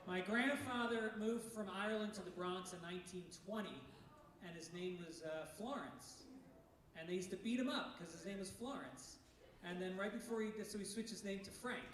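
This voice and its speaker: Brash high-voiced comic in an echoey club. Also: male voice, moderate pace. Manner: punchy, brash delivery with bursts of shouting. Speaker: stand-up comedian. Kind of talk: live stand-up set. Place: comedy club stage. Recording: very echoey room, distant mic, noisy.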